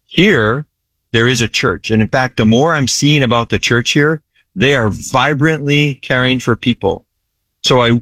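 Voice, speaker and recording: A man speaking at a middle pitch in a dry, close recording, describing his relief work with earnest emphasis. He repeats key phrases and checks in with a frequent "right?". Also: a bit bright, dry recording. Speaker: disaster relief ministry worker. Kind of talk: earnest interview storytelling.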